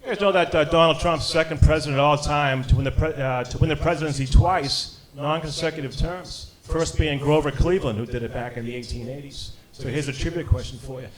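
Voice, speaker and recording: A man's voice: on the high side, a little fast, few pauses. A middle-aged man doing a stand-up set, punchy and wisecracking, with lots of "you know". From Boston area. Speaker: stand-up comedian. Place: comedy club stage with a live audience. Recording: live club recording, loud crowd. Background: audience laughter.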